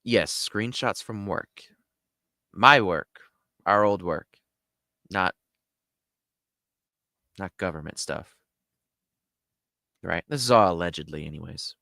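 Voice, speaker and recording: Animated man telling a story. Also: no room sound, clean studio sound. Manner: animated, acts out others' lines in squeaky high voices; loose, full of "like" and "you know". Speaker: podcast storyteller. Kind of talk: casual storytelling.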